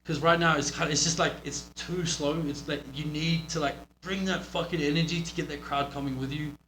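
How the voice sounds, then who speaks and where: A man's voice: on the high side, fairly even intonation, a little fast, a bit bright. A man with a New Zealand accent, a pro wrestler giving a blunt, profane critique of a match. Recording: roomy echo with faint hum.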